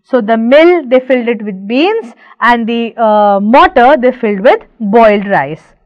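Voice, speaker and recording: A woman teacher from India reading a story aloud and stopping to explain each word, restating things slowly with fillers, on a dull, lo-fi recording. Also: fairly high pitch, lively intonation, dry recording.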